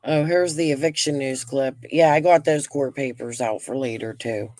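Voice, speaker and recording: A middle-aged woman and grandmother hosting a casual livestream, venting and telling stories in an animated way while getting over a lung infection. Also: a bass voice, normal speed, no room sound, clean studio sound. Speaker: livestream host.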